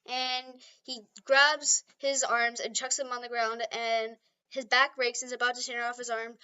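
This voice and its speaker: A woman's voice: a little high, level tone, unhurried, sharp tone, clear, resonant tone. A woman casually retelling a fan-made story, rambling with lots of fillers, in a lo-fi recording. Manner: rambling, giggly, filler-heavy.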